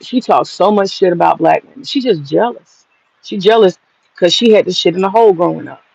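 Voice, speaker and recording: A man delivers a casual commentary monologue in a blunt, profane, mocking way. His voice sits high with a gravelly fry, in a dry, close sound. The recording is a little dull and lo-fi. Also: brisk, a little mellow, no echo. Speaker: online commentary host.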